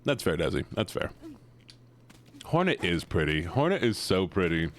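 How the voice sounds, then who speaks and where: A man's voice: sing-song, normal speed, slight background noise. A man streaming a game, chatting playfully with his viewers between gameplay. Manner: playful, chatty with chat, squeals up high. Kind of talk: casual livestream chat while gaming.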